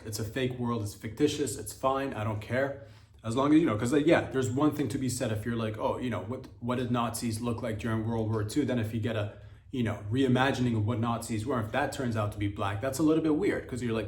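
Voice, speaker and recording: A man hosts a comedy podcast in a loose, rambling rant, swearing freely and restarting his sentences. His voice sits at an ordinary middle pitch. The room gives it a noticeable echo. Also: brisk, a little mellow. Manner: rambling, profane, many restarts.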